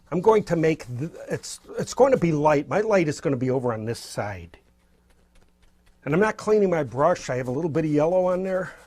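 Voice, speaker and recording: Male art instructor, slightly higher pitch, husky tone; relaxed, encouraging demo delivery. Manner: encouraging, loose and spontaneous, fires things in. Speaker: painting instructor. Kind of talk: casual painting demonstration.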